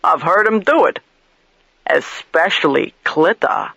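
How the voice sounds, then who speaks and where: A man's voice: on the high side, expressive, slow pace, gravelly, sharp tone, no echo, muffled recording, exaggerated voice. A man voicing a crude, belligerent middle-aged male police detective who is drunk and swearing. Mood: crude, loud.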